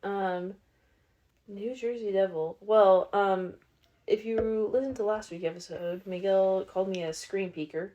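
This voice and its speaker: A woman's voice: mid-range voice, fairly even intonation, unhurried, mellow, highs cut off. A woman co-hosting a podcast in casual chat, teasing and laughing often. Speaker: podcast co-host.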